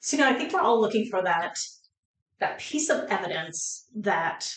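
Female guest, measured and explanatory, mid-pitch, echoey old building. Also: lively intonation. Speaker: guest paranormal investigator. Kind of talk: casual chat. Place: inside an old hospital building.

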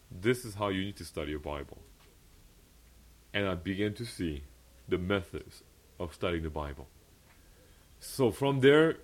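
Speaking at medium pitch, a young adult male pastor recounts his personal testimony in a sermon at a fellowship meeting. He is earnest and emphatic, repeats key phrases, and laughs frequently.

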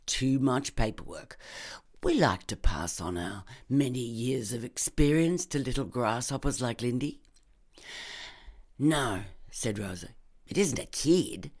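Deep-voiced woman telling a wry crime story. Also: animated, measured pace, darkish tone. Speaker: narrator and reader. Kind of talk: scripted reading of a crime story.

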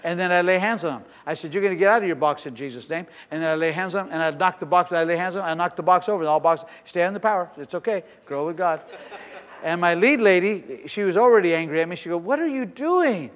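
Middle-aged pastor guy preaching, fairly high voice, soft then loud, church echo. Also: quick pace. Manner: emphatic preaching that swings between soft asides and loud declarations. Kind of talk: sermon with personal stories.

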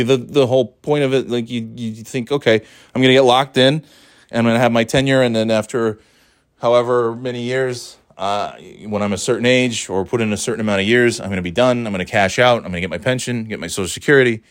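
A man's voice: on the low side, no room sound, studio quality. A middle-aged man talking in a casual, rambling monologue, profane and sardonic, often restarting his sentences.

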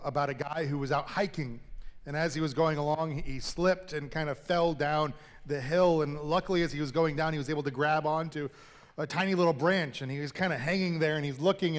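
A man preaching from the pulpit with a slightly higher-than-average voice. He tells stories in an easy, conversational way and turns earnest and reverent when he prays. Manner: conversational storytelling, then earnest prayer. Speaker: pastor. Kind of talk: sermon.

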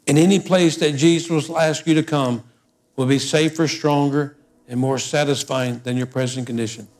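A man preaching a sermon as pastor, emphatic and urging, building to loud exhortations. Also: on the high side, steady tone, normal speed.

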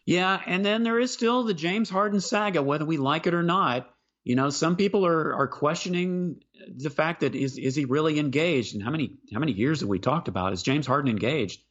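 A man co-hosting a sports podcast, talking basketball in a casual, halting way and often repeating words as he starts a sentence. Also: a little high, a bit bright, highs cut off.

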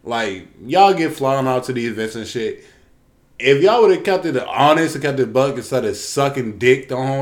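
A man in casual chat, ranting in a profane, slangy way about things that annoy him. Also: medium pitch.

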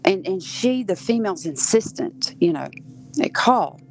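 A woman's voice: medium pitch, animated, moderate pace, a little mellow. A woman from Southern Georgia, a podcast guest earnestly telling a personal story and acting out voices she overheard. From Southern Georgia, USA.

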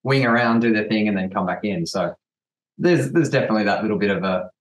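A man's voice: on the low side, expressive, fast talker, poor audio. A man, a guest from a gear company, asking long rambling questions in casual chat. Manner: rambling, searching questions with restarts.

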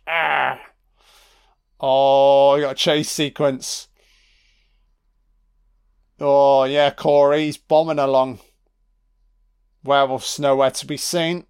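A man talks through a film as he watches it, dropping sarcastic jokes and constant swearing. He speaks at an unhurried pace in a smooth, clear voice, with a middling pitch. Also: steady tone. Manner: sweary, sarcastic, reacting live. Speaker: film commentator. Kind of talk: audio film commentary.

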